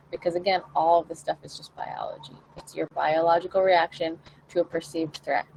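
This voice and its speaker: A woman's voice: low-pitched, steady tone, a little fast, creaky, a little mellow, slight background noise, poor audio. A woman vocal coach talking casually to camera, encouraging and acting out the questions singers should ask themselves. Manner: encouraging, acts out her own inner questions.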